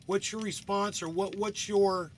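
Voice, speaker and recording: A man's voice: sits high, fairly even intonation, a little slow, slight background noise. A man hosting a casual live show, rambling and swearing as he comments, often tagging his sentences with a questioning "right?" to his chat. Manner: rambling, profane, keeps asking "right?". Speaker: livestream host.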